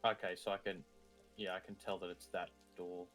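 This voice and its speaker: Very deep, flat Australian player. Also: male voice, fairly quick, faint music behind. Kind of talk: tabletop game play.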